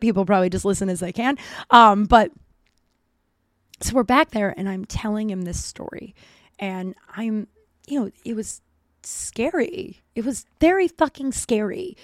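A woman in her forties, a podcast host, telling a personal story in a candid, profane, animated way. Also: mid-range voice, no room sound, clean studio sound. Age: 40s. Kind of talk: casual storytelling monologue.

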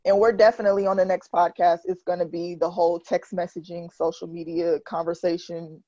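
A woman's voice: lowish voice, level tone, a little fast, mellow, no echo. A woman hosting a casual group podcast, talking candidly and rambling a little, laughing easily. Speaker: podcast host. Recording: dry, slightly dull lo-fi sound.

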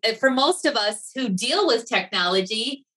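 Woman, Wisconsin accent, podcast host, upbeat, higher voice. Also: lively intonation, normal speed, sharp tone, breathy edge. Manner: bubbly, exclamatory, with cheers and laughs.

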